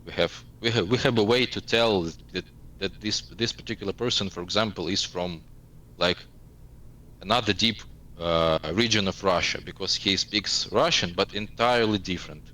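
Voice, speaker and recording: A man's voice: low-pitched, moderate pace, sharp tone, rough recording. A man in his thirties from eastern Ukraine, speaking as an interview guest and searching for words in English. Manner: searching for words in a second language. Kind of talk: casual interview talk.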